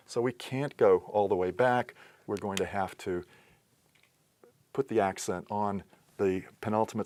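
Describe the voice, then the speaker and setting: Male lecturer, lowish voice, patient and methodical, screen-recorded lesson. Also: a little mellow. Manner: patient, explanatory, with pauses and restarts. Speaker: teacher. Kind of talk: recorded lecture on Greek accents.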